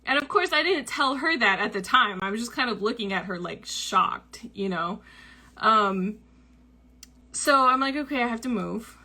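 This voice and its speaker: A woman's voice: fairly high pitch, animated, a little slow, pushed and bright. A young woman hosting a book club show, casually telling a personal story with lots of likes and ums. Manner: chatty, full of likes and ums, acts out quoted lines.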